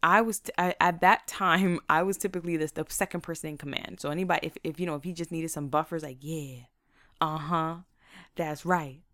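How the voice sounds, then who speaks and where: Gravelly low-voiced woman telling stories. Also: quick pace, few pauses, dry recording, clean studio sound. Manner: animated, laughs often, acts out her own past voice; faith-inflected, motivational. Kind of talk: casual motivational storytelling.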